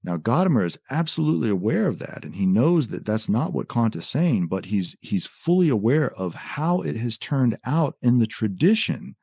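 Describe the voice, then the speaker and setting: A man's voice: mid-range voice, moderate pace, vocal fry, hardly any pauses, slightly rough, no echo. Guy explaining philosophy, lots of uh and right?, dry dull mic. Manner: animated explainer, quotes texts, frequent "uh" and "right?". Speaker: podcast guest explaining philosophy. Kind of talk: conversational lecture.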